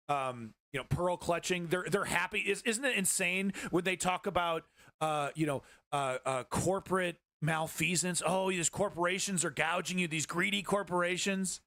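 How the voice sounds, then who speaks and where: A man's voice: a little high, bright, forceful tone, dry recording. A man hosting a livestream news show, giving casual political commentary in a rambling, profane way, with many restarts.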